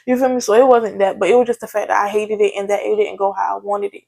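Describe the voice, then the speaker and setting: Chatty young woman, slightly gravelly. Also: medium pitch, steady tone, quick pace, few pauses, darkish tone. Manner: candid, chatty, talks straight to viewers with frequent "like" and "y'all". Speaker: vlogger. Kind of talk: casual storytime chat.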